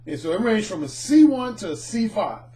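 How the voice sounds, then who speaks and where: Man with a high voice, middle-aged, dating coach, lively storytelling monologue. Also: moderate pace. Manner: animated, acts out the people in his anecdotes.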